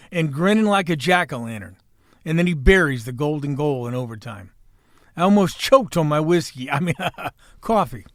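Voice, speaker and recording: Man, sixties, podcast host, hoarse, folksy wisecracks, salty language, fairly high pitch. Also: no echo, clean studio sound. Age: 60s. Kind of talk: opening monologue and casual chat.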